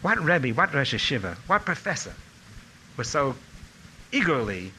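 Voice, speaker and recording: A man's voice: medium pitch, moderate pace, slight background noise, poor audio. An older man telling anecdotes about his former teacher in a reminiscing speech. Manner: storytelling, animated when quoting others. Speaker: former student giving a tribute talk.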